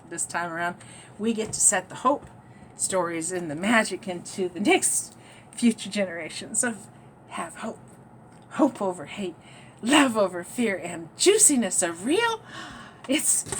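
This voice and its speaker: Rambling woman vlogger, fairly high voice. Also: a little hiss or hum. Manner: rambling, emphatic, trails off and restarts. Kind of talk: rambling spiritual-political monologue.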